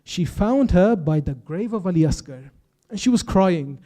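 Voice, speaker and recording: Young guy preaching, voice sits high and warm, tells the story with all the quotes, gets really intense. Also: lively intonation, normal speed. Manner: storytelling with quoted dialogue, rising to impassioned intensity. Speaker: speaker at a youth majlis. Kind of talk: emotional religious sermon narration.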